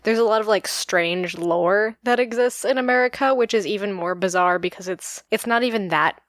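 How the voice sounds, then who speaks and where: Recorded in clean studio sound without echo, a young woman from New York speaks at a medium pitch and normal pace. She's a podcast co-host in casual chat mode, laughing often and using plenty of filler words.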